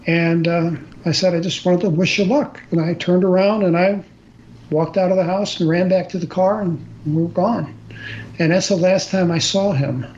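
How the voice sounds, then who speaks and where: With a high voice, fairly even intonation, and a darkish tone, an older guest storyteller relates a personal story at a moderate pace. His delivery is plain and earnest, marked by frequent restarts and fillers, over slightly dull audio with faint noise.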